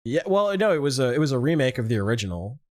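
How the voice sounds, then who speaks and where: Animated man hosting a podcast. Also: medium pitch, fast talker, dry recording, clean studio sound. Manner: animated, swearing, goes through a list of awards. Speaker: podcast host. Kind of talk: casual chat.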